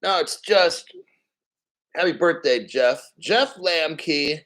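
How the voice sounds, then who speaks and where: A man's voice: a little high, expressive, slow, a bit bright, low-quality recording. A man in his fifties hosting a crypto news livestream, ranting in a profane, sarcastic way. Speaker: crypto news show host.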